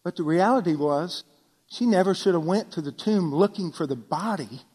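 A man preaching a sermon, talking casually with the congregation, asking them rhetorical questions and dropping to a hush on key points. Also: high voice, lively intonation, moderate pace, slightly rough. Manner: preaching with sudden drops to near-whisper for emphasis; conversational, asks the listeners rhetorical questions. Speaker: pastor. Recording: long hall reverb.

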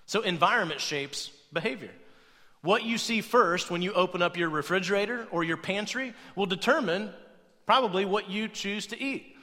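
A man's voice: high-pitched, moderate pace, big-room sound. A young adult man preaching a conversational sermon, often checking in with "right?". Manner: conversational, animated, tags points with "right?". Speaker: pastor.

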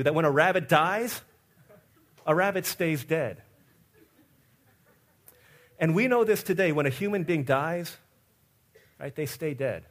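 A man preaching an Easter sermon as pastor, telling stories and acting out the people in them, swinging between loud excited asides and quiet, low passages. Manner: acts out the people in his stories with lively quoted voices.

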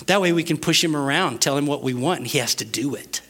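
A man's voice: on the high side, fast talker, a bit bright, husky. A man preaching a sermon, chatty and joking in asides to the congregation. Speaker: pastor.

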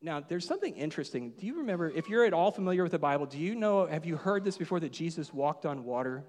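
A man preaching a sermon as pastor, telling the story with lively, acted-out asides and conversational questions to the congregation. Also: fairly high pitch, fast talker. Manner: animated storytelling, acting out voices in quotes. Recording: long hall reverb.

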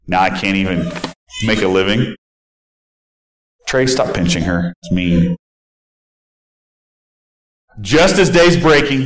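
A man's voice: medium pitch, rough recording. Male Bible teacher, informal conversational delivery, mid-range voice.

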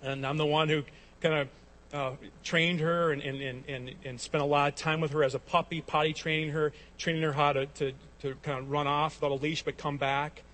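A man's voice: on the high side, level tone, a little fast, a bit bright. A man in his forties preaching a sermon as a pastor, telling stories and rising to emphatic peaks. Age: 40s.

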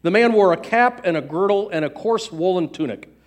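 A man narrating a fairy tale aloud in an even storytelling cadence. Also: high voice, fairly quick.

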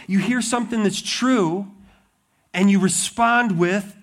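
Pastor, male, high-pitched, lively storyteller who slips into character voices. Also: normal speed. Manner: animated storytelling, acts out voices of the disciples. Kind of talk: sermon.

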